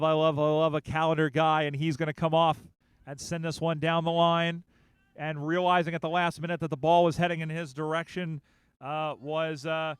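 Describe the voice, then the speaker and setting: Crisp, excited male sports commentator. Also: a little high, no echo. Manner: excitable play-by-play, quick bursts on big plays. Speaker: play-by-play commentator. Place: outdoor sports field broadcast.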